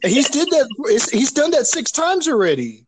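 High, lively man telling stories. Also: normal speed. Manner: laughing, stumbling storyteller. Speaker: podcast guest. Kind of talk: casual chat among friends.

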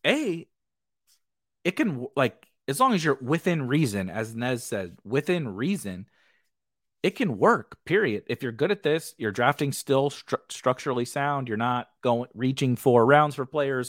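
A man's voice: mid-range voice, fairly bright tone, no echo, clean studio sound. A man hosting a fantasy football stream in a casual, rambling way, restarting sentences and chuckling often. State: has the hiccups. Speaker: fantasy football podcast host. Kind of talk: casual livestream chat.

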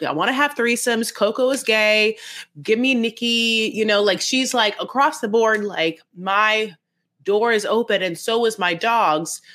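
A woman's voice: mid-range voice, a bit bright. Sarcastic woman podcast cohost, dry humor, mid voice. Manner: wry, sarcastic, acts out quoted voices. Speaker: podcast co-host. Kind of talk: casual chat about reality TV.

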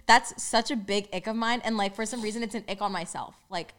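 Fast-talking young woman podcast co-host. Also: medium pitch, smooth. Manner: giggly, animated storytelling. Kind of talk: casual chat.

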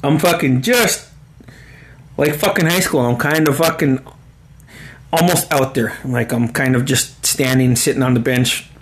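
A man's voice: medium pitch, unhurried, slight background noise. A man in his forties telling a casual story, rambling and swearing often, breaking into laughter. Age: 40s.

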